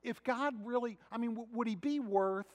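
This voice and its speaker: Pastor, male, high voice, chatty sermon with rhetorical questions, long hall reverb. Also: normal speed. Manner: conversational preaching with rhetorical questions.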